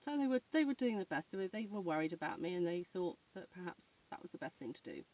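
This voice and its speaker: A woman's voice: on the low side, sing-song, fast. A woman who works as a Reiki practitioner, chatting casually to camera while snuggled under a duvet, rambling and laughing as she talks. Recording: tinny phone-like sound from far off.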